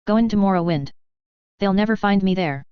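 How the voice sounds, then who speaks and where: A woman's voice: medium pitch, moderate pace, clean tone, no room sound, dull audio, natural voice. A woman reading aloud, voicing a drunken, foul-mouthed male elf bartender who rambles about his troubles. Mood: rambling. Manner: slurred, crude, grumbling rant.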